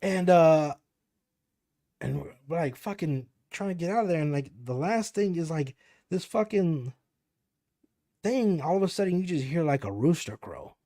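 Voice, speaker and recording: A man's voice: fairly high pitch, animated, normal speed, warm tone. A young man on a podcast, telling a spooky story casually with lots of fillers and swearing. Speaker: podcast co-host.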